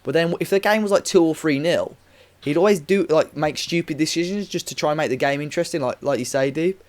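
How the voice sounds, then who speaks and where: A man co-hosting a podcast, with quick, jokey banter in casual chat. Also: a little high.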